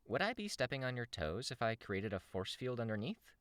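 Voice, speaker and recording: A man's voice: mid-range voice, sing-song, brisk, fairly bright tone, clean tone, dry recording, pitched above the performer's own voice. A man voicing a friendly, playful young woman in an audiobook reading, with a chatty, easygoing manner. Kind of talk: audiobook character voice.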